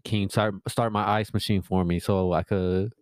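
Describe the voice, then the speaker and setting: A young man with a lowish voice tells loose, profane stories in casual podcast chat. His delivery is relaxed and rambling. The sound is dry and close to the mic. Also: moderate pace, clean tone, no room sound. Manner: laid-back, profane storytelling, mimics his son in a high voice. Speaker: podcast co-host.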